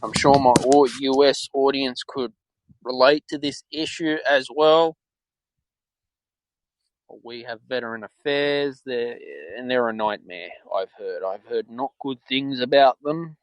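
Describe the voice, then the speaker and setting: An Australian man hosts a solo opinion podcast, rambling in frustration and repeating himself. His mid-range voice is unhurried, and the recording is rough with no room sound.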